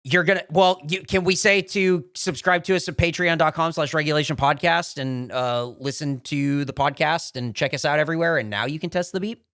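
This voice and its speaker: A man's voice: a little high, brisk, few pauses, a bit bright, dry recording, clean studio sound. A man co-hosting a casual podcast, teasing and chatting freely with friends. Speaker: podcast co-host. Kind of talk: casual group chat.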